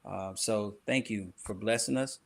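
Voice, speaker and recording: A man's voice: lowish voice, a little slow, creaky, a bit bright, a little hiss or hum. A man co-hosting an online interview show, upbeat and grateful in casual talk. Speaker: podcast co-host.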